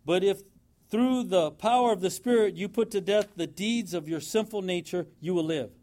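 A man's voice: sits high, normal speed, darkish tone. A man preaching a sermon in a church, emphatic and repeating his points for effect.

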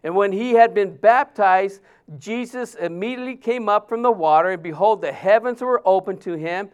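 A male pastor, preaching in a conversational way, with many fillers and restarts, dropping his voice softly when he quotes others. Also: sits high, moderate pace, clean tone. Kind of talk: sermon.

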